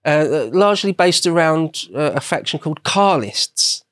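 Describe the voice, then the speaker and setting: A man's voice: a little high, expressive, measured pace, a bit bright, no room sound, clean studio sound. An Englishman explaining history as a guest in a casual podcast conversation, meandering and often rephrasing himself.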